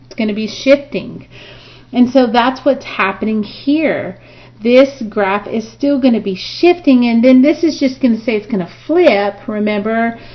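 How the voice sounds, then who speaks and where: A woman teaching a recorded math review, talking at a slow, unhurried pace. She walks through each step aloud and keeps checking in with her students. The recording is dull and lo-fi. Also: fairly high pitch. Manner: talks through steps aloud, frequent "okay" and "right?". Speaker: math instructor.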